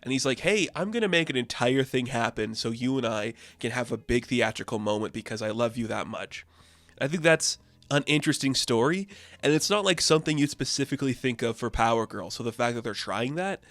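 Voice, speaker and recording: A man's voice: mid-range voice, fairly quick, no echo. A young man casually recapping a comic book, acting out the characters' lines as he goes. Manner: animated, acts out characters' lines.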